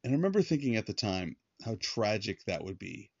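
A man's voice: lowish voice, sing-song, fairly quick, gravelly, no room sound. Man, podcast Bible teacher, conversational, lots of fillers, dry close sound. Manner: conversational, with frequent fillers and restarts. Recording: dull lo-fi dry recording.

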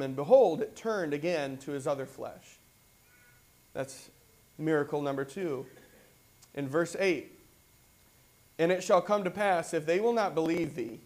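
A male pastor preaching a sermon, reading scripture aloud and then speaking with growing excitement. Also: fairly high pitch. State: repeatedly clearing throat and coughing.

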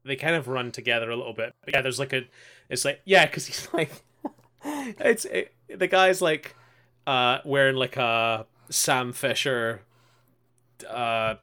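A man with a bright, forceful voice at a middling pitch chats through scenes of a show, rambling and swearing as he goes. He acts out quoted lines in passing as a podcast co-host. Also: very animated, a little slow, clean tone. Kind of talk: casual chat recapping an anime.

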